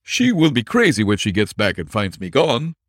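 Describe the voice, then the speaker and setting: A man's voice: lowish voice, wildly swooping pitch, normal speed, a bit bright, dry recording, clean studio sound, voice pushed up, exaggerated voice. A man voicing a nervous male suspect who protests his innocence in a raised, exclamatory way. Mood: pleading.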